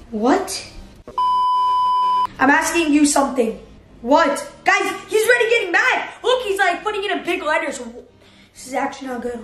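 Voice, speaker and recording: A woman vlogging in a casual, excited way, reading messages aloud and reacting with animated exclamations. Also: very high-pitched, measured pace, pauses often. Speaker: YouTuber. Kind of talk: excited casual vlog commentary. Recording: roomy echo with faint music.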